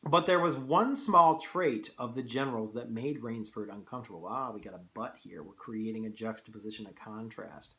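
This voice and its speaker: A man reading a story aloud as a teacher, expressively, and breaking off for quick, casual explanatory asides. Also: lowish voice, gravelly, pushed and bright. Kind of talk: read-aloud with analysis.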